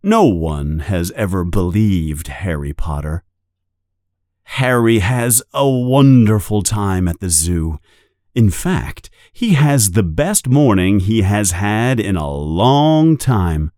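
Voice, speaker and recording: A man reads a children's story aloud at an unhurried pace, his pitch rising and falling with the tale. His voice sits on the low side and is recorded close and dry. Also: no echo. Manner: slow, lively storytelling. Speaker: narrator. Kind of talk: slow storybook read-aloud.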